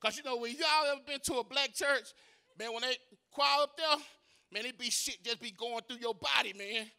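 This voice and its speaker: A man's voice: very high voice, normal speed, creaky, sharp tone, clear, resonant tone. A man performing a profane, punchy stand-up set on a comedy club stage, full of loose asides.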